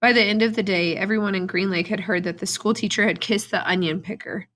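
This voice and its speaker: A woman teacher reading a novel aloud to her students at a steady, plain pace, with brief asides to the class. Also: mid-range voice, fast talker, slight background noise.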